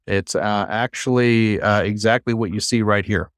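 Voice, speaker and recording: A man teaching a Hebrew class over a video call, patient and encouraging, slowing down to spell out sounds. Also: lowish voice, no room sound, clean studio sound.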